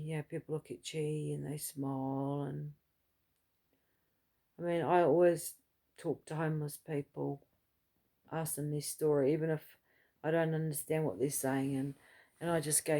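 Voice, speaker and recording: A middle-aged woman talks casually to camera, rambling and heartfelt. Her voice is low, gravelly and mellow in tone. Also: steady tone, normal speed. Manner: rambling and heartfelt, many restarts. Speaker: vlogger.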